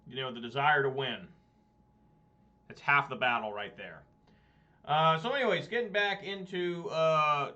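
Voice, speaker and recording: A man's voice: medium pitch, sharp tone. A married man streaming a card game, rambling and self-deprecating in casual gameplay commentary. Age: adult, married. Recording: dull lo-fi mic.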